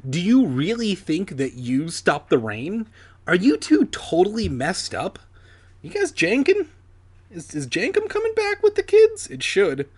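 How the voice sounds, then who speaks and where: A man's voice: high voice, wildly swooping pitch, a little slow, a little mellow, pitched above the performer's own voice, exaggerated voice. A man voicing a scoffing, disbelieving teenage boy in a comedic storybook reading. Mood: mocking. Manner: sneering, disbelieving.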